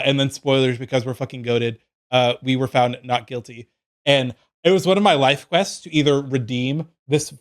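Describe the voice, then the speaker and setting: A man co-hosting a podcast and retelling stories in loose casual chat. He swears freely, laughs often and rambles with lots of fillers. His voice sits at a middling pitch for a man. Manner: profane, laughing, rambling storyteller. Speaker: podcast co-host.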